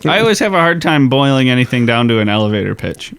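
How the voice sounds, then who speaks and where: Male podcast co-host, mid-pitch, easygoing profane explainer, wry. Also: sing-song, fast, fairly bright tone, clear, resonant tone. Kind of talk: casual history podcast chat.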